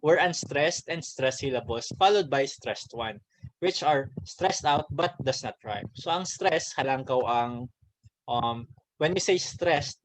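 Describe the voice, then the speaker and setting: A Filipino man with a Filipino accent, a teacher giving a casual online lesson, talking directly to his students in halting phrases with many restarts. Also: medium pitch, slight background noise, poor audio. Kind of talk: online class lesson, mixing English and Bisaya.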